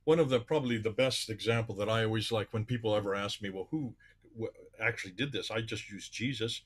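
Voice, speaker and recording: A man hosting an interview, asking questions with halting restarts. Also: fairly low pitch, slightly rough. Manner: hesitant, stammering questions. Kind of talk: conversational interview.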